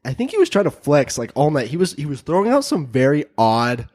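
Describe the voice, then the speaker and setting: A man's voice: on the high side, fairly quick, dry recording, studio quality. A young man co-hosting a podcast, retelling stories animatedly and acting out what people said. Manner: animated retelling, acts out quotes with laughter. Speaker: podcast co-host. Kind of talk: casual chat.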